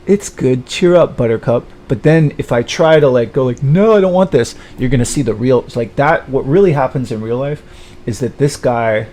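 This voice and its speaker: Bitter, halting man with a dark voice. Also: slight background noise. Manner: bitter, halting, full of fillers and restarts; mocks others in high put-on voices. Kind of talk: rambling livestream monologue.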